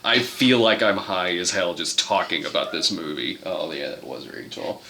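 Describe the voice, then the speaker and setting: A man's voice: sits low, expressive, normal speed, pushed and bright, a little hiss or hum. A young man hosting a casual film review, rambling and joking with lots of filler words. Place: indoor room.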